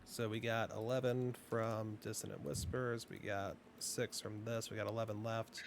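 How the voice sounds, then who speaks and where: A man running a tabletop game as game master, explaining rules in a rambling way with lots of fillers and sudden fast bursts. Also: on the low side, flat delivery, creaky, over music.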